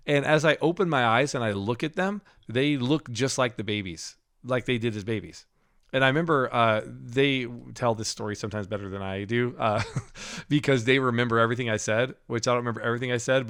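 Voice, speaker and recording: A middle-aged man telling a personal story in loose, conversational podcast talk. His voice sits at an ordinary middle pitch, and he laughs often and breaks off into halting restarts as he goes. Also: fairly bright tone, clean tone. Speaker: podcast co-host. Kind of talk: casual storytelling.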